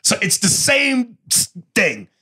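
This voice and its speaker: A man co-hosting a podcast, excitedly retelling TV scenes in casual, profane chat. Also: high voice, slow pace, slightly rough. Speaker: podcast co-host.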